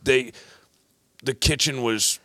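A man's voice: mid-range voice, takes it slowly, dry recording, studio quality. A man hosting a podcast, telling a long rambling anecdote in casual chat and acting out the people in it. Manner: rambling anecdote with quoted voices, animated. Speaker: podcast host.

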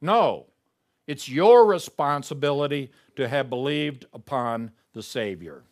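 A man's voice: mid-range voice, animated, a little slow. A man preaching a sermon as pastor, emphatic and reading scripture aloud.

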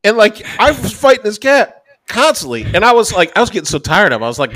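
A man co-hosting a podcast, telling a profane, animated anecdote in casual chat. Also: sits high, no echo. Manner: animated, profane, fast-rambling anecdote with acted-out quotes. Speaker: podcast co-host.

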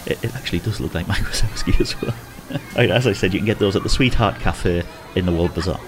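A man's voice: deep voice, brisk, over music. A man giving a casual, rambling walking-tour commentary outdoors in a theme park, chuckling often as he talks.

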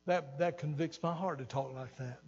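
A man's voice: a little high, normal speed, a little mellow, lo-fi sound, a little hiss or hum. An older man pastor preaching an earnest sermon, repeating phrases for emphasis, recorded in a church hall. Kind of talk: sermon teaching. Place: church sanctuary.

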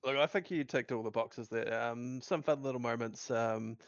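A man's voice: mid-range voice, normal speed, no room sound. Easygoing male podcast co-host, hesitant delivery, dull lo-fi mic. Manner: easygoing, hesitant with fillers and repeats. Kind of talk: casual chat.

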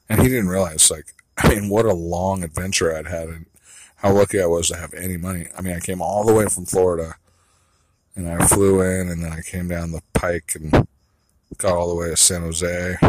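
A man telling a rambling, profane personal monologue who keeps second-guessing himself. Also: deep voice. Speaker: vlogger.

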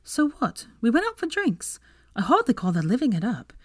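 A woman's voice: a little high, big pitch swings, a little fast, mellow, no room sound, studio quality, pitched above the performer's own voice. A woman voicing a spirited, defiant young witch in an audiobook reading, with an emphatic delivery. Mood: indignant.

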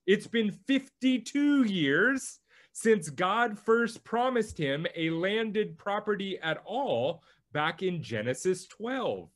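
A male pastor preaching a sermon, teaching through a Bible passage with slow, emphatic delivery. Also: high voice, a bit bright.

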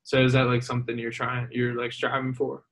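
A man's voice: medium pitch, monotone, a little fast, a bit bright. A man interviewing a guest in a casual, rambling way, full of fillers. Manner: casual, filler-heavy questions.

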